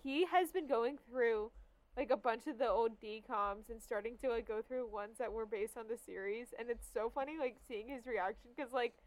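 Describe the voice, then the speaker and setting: A woman's voice: on the high side, moderate pace, poor audio. A young woman in casual chat, easygoing and agreeable, with many "like" fillers.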